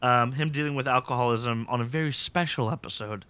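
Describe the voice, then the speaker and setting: A man hosting a podcast, recapping episodes in casual chat and acting out scenes in quick impressions. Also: medium pitch, bright, forceful tone, smooth, no echo.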